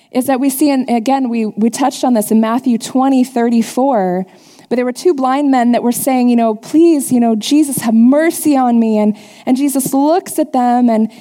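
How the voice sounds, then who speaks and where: Conversational woman preacher in a reverberant hall. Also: fairly high pitch. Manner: warm, conversational preaching with laughs and asides. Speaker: pastor. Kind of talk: sermon.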